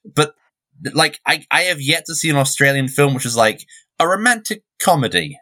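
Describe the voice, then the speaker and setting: A man's voice: on the high side, big pitch swings, moderate pace, bright, forceful tone. A young English man co-hosting a podcast, rambling through digressions and swearing freely. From England. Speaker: podcast co-host. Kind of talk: casual chat.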